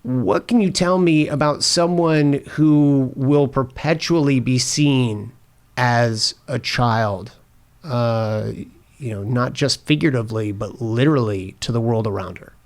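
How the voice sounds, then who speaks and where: A podcast host sets up questions in a measured, unhurried way. The pace is slow and the pitch moderate. They lead the discussion calmly.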